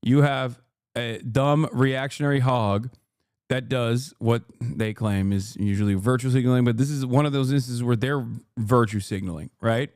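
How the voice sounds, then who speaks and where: A man's voice: mid-range voice, fairly even intonation, normal speed, a little mellow, clear, resonant tone, dry recording, studio quality. A man in his thirties streaming live, reacting to clips and arguing with his chat in a profane, sarcastic, combative way. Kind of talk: livestream reaction commentary.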